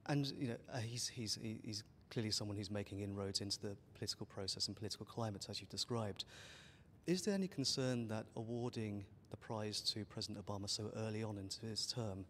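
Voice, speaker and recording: A man's voice: lowish voice, fairly bright tone, slight background noise. A man working as an interviewer, asking formal and carefully phrased questions in a polite manner. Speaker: interviewer, editor. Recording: long reverb.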